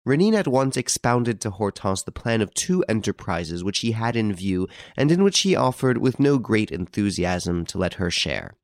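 A man narrating a classic novel as a scripted audiobook, in a measured, even storytelling manner. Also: fairly low pitch, no room sound, clean studio sound.

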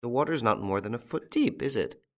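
A man voicing a composed gentleman near forty who speaks calmly and with quiet amusement. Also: medium pitch, natural voice. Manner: calm, measured and quietly amused.

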